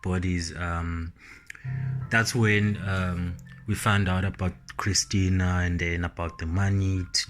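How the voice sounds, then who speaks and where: A TV show reviewer recaps an episode in a casual way, hesitating often with lots of ums and restarts. His delivery is slow and low-key.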